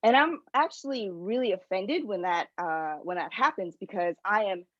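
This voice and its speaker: A woman's voice: medium pitch, moderate pace, dry recording, dull audio. A woman doing stand-up comedy over a video call, talking in a chatty, rambling way with lots of fillers. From Connecticut, US.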